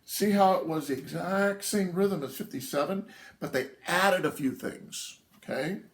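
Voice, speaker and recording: A man teaching a drum lesson, patiently explaining rhythms and counting them out loud. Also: sits high, a little slow, background noise. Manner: patient, counts rhythms aloud, checks in with "okay?". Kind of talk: instructional lesson. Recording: echoey room, voice from a distance.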